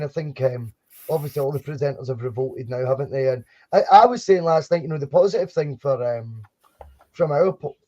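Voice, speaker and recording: A man's voice: fairly high pitch, warm tone. A man co-hosting a live podcast, chatting casually about football kits and restarting his sentences often. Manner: chatty, rambling, frequent restarts. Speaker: podcast co-host. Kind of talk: casual live-stream chat. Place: home studio for a live stream. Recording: dull lo-fi sound.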